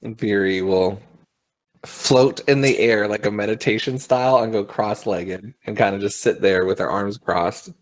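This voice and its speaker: A player in a tabletop game, talking in a lively, playful way and laughing often. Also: low-pitched, unhurried.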